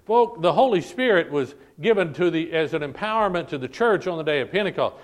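A man's voice: a little high, lively intonation, a little fast. A man preaching a sermon to a congregation, emphatic and repetitive, stretching out key words for stress. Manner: addresses congregation as "folk". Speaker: pastor. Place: church service.

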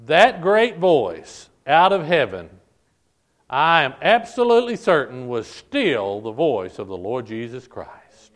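A man's voice: medium pitch, huge pitch swings, slow pace. A man preaching a sermon to a congregation, emphatic and repetitive, stretching out key words for stress. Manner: addresses congregation as "folk". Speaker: pastor. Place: church service.

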